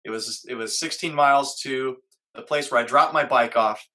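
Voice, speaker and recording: A man's voice: mid-range voice, moderate pace, sharp tone. A middle-aged man, a guest on an interview show, earnestly telling a personal story and acting out his own inner voice.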